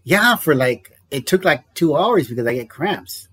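A man's voice: on the high side, very animated, moderate pace, fairly bright tone, husky. A man on a podcast telling a rambling, self-deprecating story in casual chat, laughing often.

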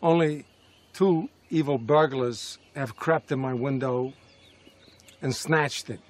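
A man doing a slow, drawn-out impression of his friend, stretching and stressing each word. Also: mid-range voice, voice pushed up, lightly acted. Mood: wistful. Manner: slow, stretched, accentuated words.

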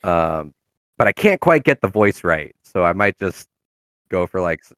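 A man's voice: low-pitched, very animated, normal speed, a bit bright, no echo, clean studio sound. A man chatting casually about his game character, rambling with many fillers and restarts. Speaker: tabletop game player. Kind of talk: casual chat.

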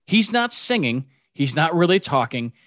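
A man co-hosting a casual movie podcast, animated and quick to laugh as he tells stories. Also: a little high, no room sound, studio quality. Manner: animated, laughing, acting out quotes. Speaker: podcast co-host.

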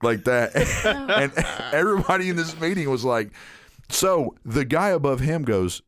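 A man's voice: a little high, animated, measured pace, fairly bright tone, no room sound. A young man co-hosting a casual podcast, telling funny work stories and laughing between lines. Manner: laughing storyteller, blurts jokes. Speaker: podcast co-host.

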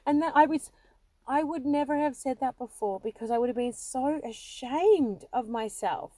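With a high-pitched, dark-toned voice at a moderate pace and no echo, a middle-aged podcast host recounts self-deprecating stories from her life. She laughs a lot and keeps nervously restarting her sentences throughout the monologue.

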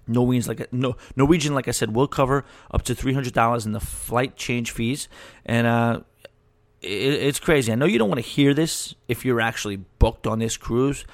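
A man's voice: mid-range voice, moderate pace, dry recording. A man hosting a casual solo podcast, rambling, joking and laughing at his own asides. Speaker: podcast host.

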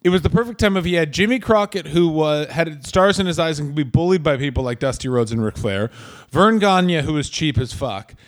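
A man's voice: fairly high pitch, lively intonation, a little fast. Chatty, crude comedian man. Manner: chatty, crude, rambling storyteller. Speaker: podcast co-host, stand-up comedian. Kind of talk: casual podcast chat.

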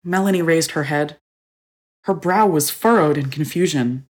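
Female narrator for audio fiction, low register, steady expressive reading. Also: moderate pace, slightly rough. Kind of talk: scripted story narration.

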